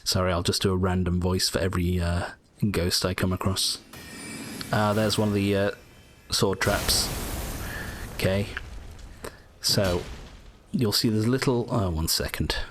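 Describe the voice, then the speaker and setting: A man's voice: low-pitched, steady tone, unhurried, a bit bright, a little hiss or hum. A man casually commenting as he plays through a game, explaining tips and muttering asides to himself. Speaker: gameplay walkthrough host.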